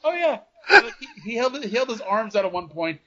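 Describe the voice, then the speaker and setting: A man's voice: high-pitched, sing-song, normal speed, pushed and bright, highs cut off. A man co-hosting a podcast, chatting casually and dropping dry, sarcastic asides. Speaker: podcast co-host. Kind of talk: casual wrestling recap chat.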